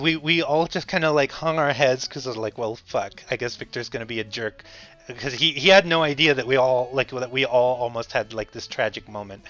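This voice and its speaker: A man's voice: medium pitch, a bit bright. Rambling man telling a story on stream. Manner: rambling, self-correcting, chuckling. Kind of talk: casual livestream storytelling. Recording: slightly dull audio, faint music. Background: faint music.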